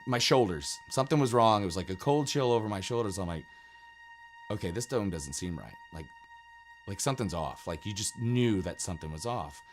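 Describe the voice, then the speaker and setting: A middle-aged man telling his own ghost story in a casual, animated way, with many fillers and restarts. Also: lowish voice, a little fast, faint music behind.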